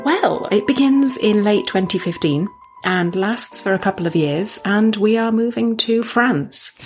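A woman's voice: medium pitch, unhurried, music in the background. A woman guesting on a podcast, explaining a story in casual chat and laughing often.

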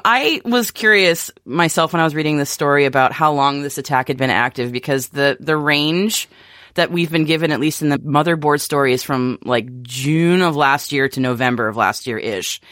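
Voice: mid-range voice, moderate pace, a bit bright, dry recording, studio quality. An American podcast co-host in a casual tech-news chat, talking with frequent restarts and laughs. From United States. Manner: chatty, laughs often, many restarts.

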